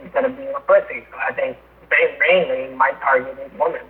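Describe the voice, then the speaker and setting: A man's voice: mid-range voice, a little fast. A man in casual phone chat, blunt and profane, talking at length. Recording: tinny phone line with faint noise.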